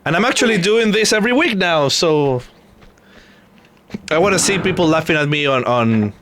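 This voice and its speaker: A man's voice: on the high side, expressive, normal speed, fairly bright tone, slight background noise. A man streaming a video game, chatting casually and laughing often at his own mistakes. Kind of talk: casual live gameplay chat.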